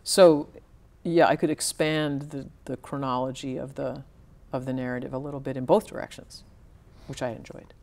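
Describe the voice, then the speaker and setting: A woman's voice: rumbling low, steady tone, normal speed, a little mellow. A woman novelist speaking as a guest in a conversational interview, thoughtful and searching for words with small restarts.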